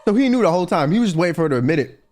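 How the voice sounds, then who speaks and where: A man reacting to a video in casual commentary, excitable and mocking, full of slang. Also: high voice, very fast, a little hiss or hum.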